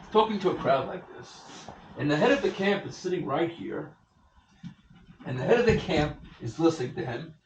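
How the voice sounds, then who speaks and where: A man's voice: a little high, a little hiss or hum. Older man telling a story in an echoey hall. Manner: animated storyteller, acts out quoted voices. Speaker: event speaker. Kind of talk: storytelling speech to an audience. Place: event hall. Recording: echoey room, far from the mic, dull sound, faint ambience.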